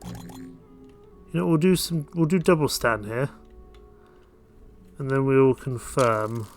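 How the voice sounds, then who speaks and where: A man's voice: mid-range voice, expressive, slow, soft background music. Casual man chatting over a game. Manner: casual, self-mocking and chatty. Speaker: gamer. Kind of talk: casual let's play commentary.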